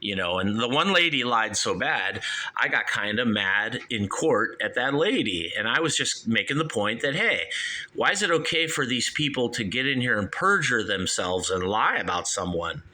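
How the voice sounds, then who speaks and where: A man's voice: mid-range voice, big pitch swings, normal speed, bright, forceful tone. A man hosting a call-in show, ranting heatedly and swearing.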